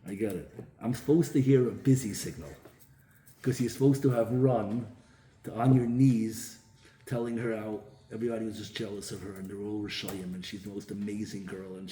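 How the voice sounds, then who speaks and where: A man's voice: on the low side, warm tone. A man, a rabbi giving a storytelling sermon who acts out the people in his stories. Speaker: rabbi giving a Torah talk. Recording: echoey room with faint ambient noise.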